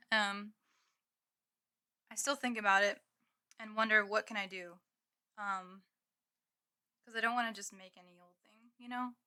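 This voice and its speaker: Woman streamer, casual home stream; bright, slightly high voice, giggly, loose with swearing. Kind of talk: casual live-stream chat. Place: home room with green screen.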